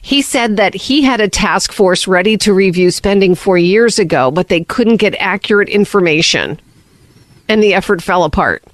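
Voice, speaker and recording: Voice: medium pitch, lively intonation, normal speed, no room sound. A radio host reading the morning news and weather in a chatty way, with many asides and fillers. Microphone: studio microphone.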